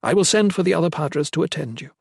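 A man's voice: on the high side, animated, fast talker, gravelly, breathy edge, no room sound, studio quality, voice pushed up, exaggerated voice. A man voicing a commanding female ruler.

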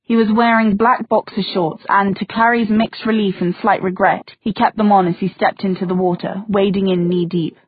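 Breathy woman narrating on tinny audio. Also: mid-range voice, little pitch movement, moderate pace, few pauses, no echo. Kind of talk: scripted narration.

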